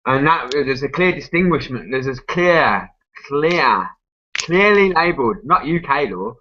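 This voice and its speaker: An Englishman holds forth in a loose group chat, circling his point with "right, yeah?" and the odd swear word. His voice sits at an ordinary pitch for a man. The recording is dull and lo-fi. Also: lively intonation, measured pace, slight background noise. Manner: rambling, tag questions, frequent swearing. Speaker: group discussion speaker. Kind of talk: rambling casual argument.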